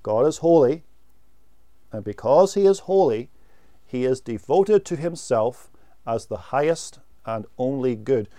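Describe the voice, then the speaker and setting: A man preaching a sermon, slow and deliberate, pausing to stress single words. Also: medium pitch, expressive, dark tone.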